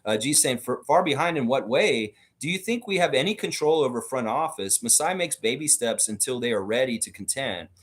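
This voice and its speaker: A man's voice: medium pitch, expressive, a little fast, hardly any pauses, fairly bright tone, breathy edge. A man from the Baltics hosting a sports livestream, amped up and profane as he rants and reads out chat comments. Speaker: livestream host.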